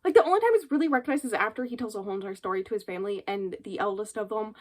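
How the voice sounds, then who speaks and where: A woman casually reviewing a book on her vlog, retelling the plot in a rambling, animated way full of fillers. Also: mid-range voice, rapid-fire.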